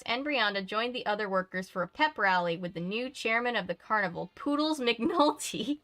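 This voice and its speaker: A woman's voice: medium pitch, sharp tone. A woman hosting a casual read-aloud, reading a storybook steadily and drifting into chatty asides between passages. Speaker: channel host reading a book aloud.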